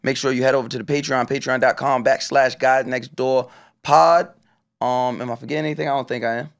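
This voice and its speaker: A man's voice: medium pitch, fairly even intonation, fairly quick, creaky, clean tone. A young man hosting a podcast, joking and teasing his co-hosts between show plugs. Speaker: podcast host. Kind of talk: casual podcast banter.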